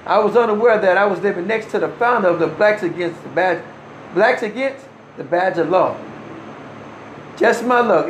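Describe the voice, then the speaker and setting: A man's voice: high voice, slight background noise. A man telling a first-person story in an earnest, emphatic way, with short restarts and wry laughs. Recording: roomy echo.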